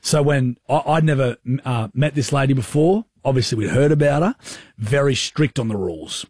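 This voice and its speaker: A man's voice: medium pitch, normal speed, a little mellow, breathy edge, no echo. A man co-hosting a radio show, teasing and laughing a lot in casual banter. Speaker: radio host.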